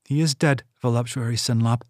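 A man's voice: mid-range voice, steady tone, fairly quick, dry recording, studio quality, close to an everyday voice. A man voicing a wary young male thief in an audiobook, speaking in a guarded, terse way. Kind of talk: audiobook character voice.

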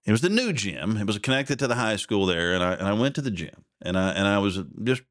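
A man's voice: lowish voice, expressive, fast talker, fairly bright tone, no echo, clean studio sound. A man, hosting a podcast and telling a rambling personal story in a self-deprecating, chuckling way. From Oklahoma. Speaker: podcast host.

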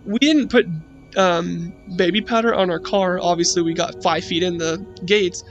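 A man's voice: high voice, normal speed, faint music behind. A young man casually telling a spooky story about his friends, rambling and swearing, with lots of "like". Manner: profane, rambling, heavy use of "like".

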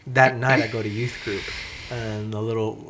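A man in casual chat, telling a story in an animated, profane way, with lots of "man" and "dude". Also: lowish voice, moderate pace, background noise.

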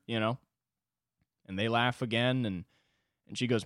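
A man's voice: medium pitch, a little fast, smooth, no room sound, clean studio sound. A man hosting a solo podcast, telling a sarcastic, profane story with big swings in his voice. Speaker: podcast host. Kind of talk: solo comedic monologue.

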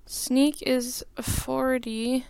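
A woman's voice: sits high, level tone, very slow, vocal fry, darkish tone, a little hiss or hum. A young woman playing a tabletop game, hesitant and giggly in casual chat. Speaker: player.

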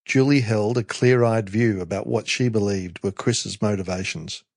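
A man's voice: fairly low pitch, normal speed, darkish tone, no room sound. A man narrating a true-crime podcast. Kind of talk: scripted narration.

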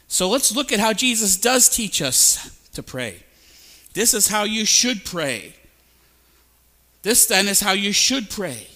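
A male pastor giving a lively sermon, sometimes imitating babbling sounds to make a point. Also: sits high. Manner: animated, mimics babbling sounds. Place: church sanctuary.

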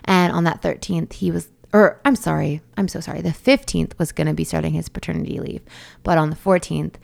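A woman's voice: deep voice, fairly even intonation, a little fast, gravelly, a little mellow. A young woman telling the story of her labor in a chatty, casual way, full of fillers, asides and laughs. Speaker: new mother telling her birth story.

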